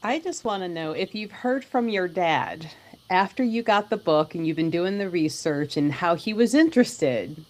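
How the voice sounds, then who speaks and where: A woman's voice: on the low side, lively intonation, moderate pace. A woman interviewer asking a guest loose, hedging questions in casual conversation.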